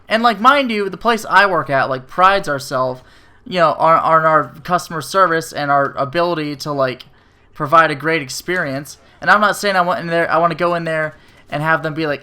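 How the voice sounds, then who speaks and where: A man whose voice sits fairly high and carries a sharp tone talks at an ordinary pace. As a restaurant server recounting bad service, he rants casually with plenty of cursing, sarcasm and fillers.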